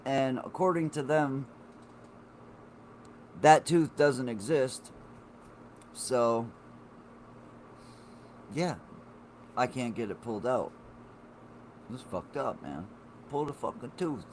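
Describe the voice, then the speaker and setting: A man's voice: mid-range voice, lively intonation, slow pace, pauses often, darkish tone, a little hiss or hum. A man in his forties chatting on a live stream, rambling and swearing while he talks to his viewers. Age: 40s. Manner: rambling and profane, talking to chat viewers. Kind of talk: casual live-stream chat.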